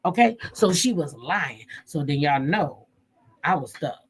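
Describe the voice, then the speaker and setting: Husky woman in a loose, salty chat. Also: unhurried. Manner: animated, acts out quotes with jumps in pitch, swears freely. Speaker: vlogger. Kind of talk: casual storytelling chat.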